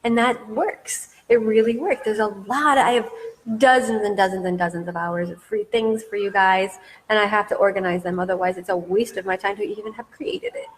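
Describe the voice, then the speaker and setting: Woman coach, enthusiastic, repeats for emphasis, mid-pitched voice, long echo. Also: fairly even intonation, moderate pace. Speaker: business coach. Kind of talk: coaching masterclass talk. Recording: long hall reverb.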